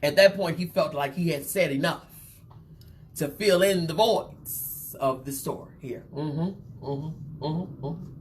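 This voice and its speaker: A deep-voiced woman hosts a live gossip show, speaking slowly over slight background noise. She teases and laughs often, calls out "child" and "baby" as she comments, and repeats and draws out phrases for effect.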